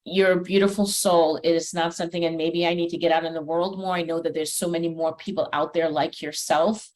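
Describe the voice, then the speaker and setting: Low-voiced effusive woman host. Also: flat delivery, fast, darkish tone. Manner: effusive, emotional, rambling with restarts. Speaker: podcast host. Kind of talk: casual interview chat.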